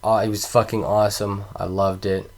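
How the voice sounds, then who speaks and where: A man's voice: lowish voice, little pitch movement, normal speed. A man casually ranking movies in a vlog, rambling and swearing freely, laughing often and losing track of names mid-sentence. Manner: profane, rambling, laughs a lot, trails off forgetting names. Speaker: movie review vlogger.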